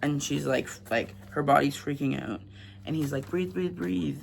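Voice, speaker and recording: Chatty man with a gravelly voice. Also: mid-range voice, steady tone, normal speed, a little hiss or hum. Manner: chatty, filler-heavy, laughs at grim scenes. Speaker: book vlogger. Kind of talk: casual book recap with read excerpts.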